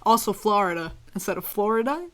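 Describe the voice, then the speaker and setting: A young woman as a podcast guest in casual chat, animated and playful, laughing often. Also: mid-range voice, fairly quick.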